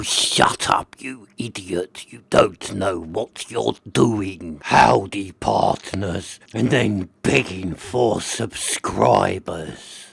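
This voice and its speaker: A man's voice: lowish voice, creaky, slightly rough, dry recording, pitched below the performer's own voice, exaggerated voice. Man playing a sneering snooty critic. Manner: sneering, haughty insults.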